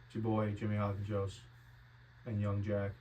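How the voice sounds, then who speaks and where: A man's voice: lowish voice, moderate pace, distant mic, poor audio. A man hosting a casual sports betting podcast, loose and mumbly as he talks through the picks. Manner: loud hyped intro, then relaxed mumbling talk. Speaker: podcast host.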